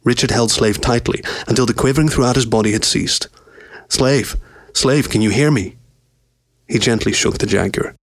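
Low-voiced man reading a story. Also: gravelly, dry recording. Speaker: reader. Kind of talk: audiobook story narration.

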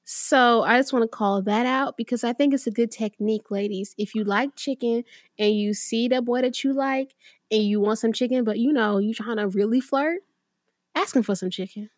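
A woman's voice: on the high side, moderate pace, dry recording. A woman co-hosting a podcast, chatting about a movie with dry, wry remarks. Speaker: podcast co-host. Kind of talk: casual chat.

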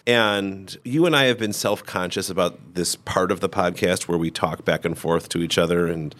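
Male podcast host, very low voice, relaxed storyteller. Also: normal speed. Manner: easygoing, storytelling. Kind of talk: casual chat.

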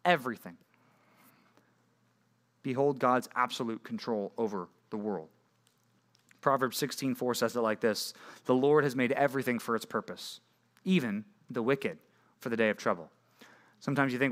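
A young man preaching a sermon to junior high students in an animated, conversational way, full of rhetorical questions. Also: normal speed, long pauses. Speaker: youth pastor.

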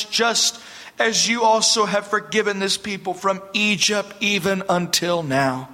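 A man preaching a sermon, reading scripture aloud and commenting, swinging from loud declaring to low hushed warning. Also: fairly even intonation, moderate pace. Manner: reads scripture aloud, then breaks off to comment. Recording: long reverb from a hall.

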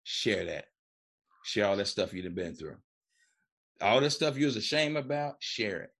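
A man's voice: on the low side, big pitch swings, moderate pace, creaky, a bit bright. A middle-aged man, a recovery coach, telling his story in a casual interview, colloquial, acting out the voices he quotes. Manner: colloquial, repeats "man" and "you know". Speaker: recovery coach and podcast guest.

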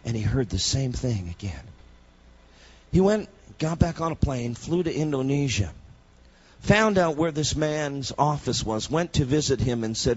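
A male preacher delivering an impassioned sermon whose husky, fairly high voice swings from quiet storytelling up to shouted proclamations. The recording sounds dull and lo-fi. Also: lively intonation, moderate pace.

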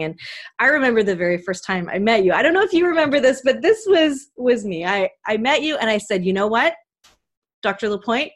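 A woman from Canada hosting a podcast interview, talking in an earnest, heartfelt way about a personal story. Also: medium pitch. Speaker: podcast host. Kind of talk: emotional conversational interview.

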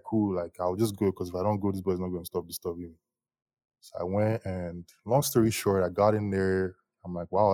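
Animated young man telling stories. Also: lowish voice, dry recording. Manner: animated, slangy, laughs often. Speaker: musician guest. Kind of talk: casual interview storytelling.

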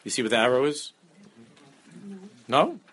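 A man giving a lively Torah class, often repeating phrases and mixing Hebrew terms into his English. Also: mid-range voice, measured pace, slight background noise. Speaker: rabbi teaching a class.

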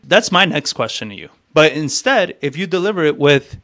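A fairly high-voiced male sales coach teaching cold calling. He talks bluntly and swears freely. He acts out sample phone calls as he explains them. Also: expressive, moderate pace, hardly any pauses, fairly bright tone.

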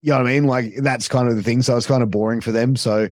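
A man's voice: medium pitch, steady tone, fast, a little mellow, no room sound. Australian man, podcast guest, swears a lot, loose and rambling, dry close sound. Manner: profane, loose, full of fillers. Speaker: podcaster and wrestling ring announcer, guest. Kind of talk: casual podcast chat.

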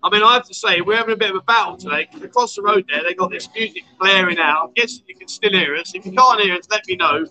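A man's voice: sits high, fast, hardly any pauses, sharp tone, poor audio. A man hosting a casual livestream chat show from a bar at night, joking with his guest and reading out viewer comments. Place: bar in a noisy city street at night.

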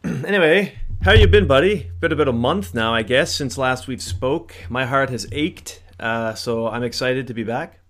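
A man's voice: medium pitch, normal speed, few pauses, fairly bright tone. A man co-hosting a casual book podcast, chatting wryly and playfully. He slips into mock-formal phrasing for comic effect. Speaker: podcast co-host. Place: home in Scotland.

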